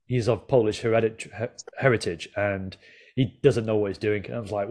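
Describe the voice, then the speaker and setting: A man's voice: on the low side, steady tone, a little mellow. Chatty man hosting a show review. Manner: chatty, joking, quick asides. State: throat infection. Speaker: podcast host. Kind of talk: casual review chat.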